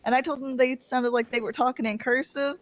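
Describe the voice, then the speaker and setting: A woman rambling excitedly in a live roleplay, stumbling over her words. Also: high-pitched, a little fast, poor audio. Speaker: roleplay player. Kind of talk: casual roleplay chat.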